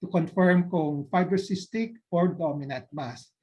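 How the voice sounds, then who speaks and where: A man's voice: fairly high pitch, a little slow. A man with a Filipino accent, a doctor giving an informal medical talk, mixing English and Tagalog and often checking in with his listeners. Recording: dull lo-fi audio.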